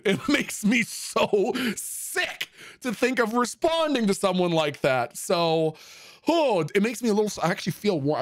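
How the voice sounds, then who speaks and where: A man livestreaming and chatting casually with viewers, swearing freely and swinging between heated rants and soft, supportive asides. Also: high-pitched, no room sound. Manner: profane, emphatic, swings from ranting to soft. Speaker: livestreamer reading chat.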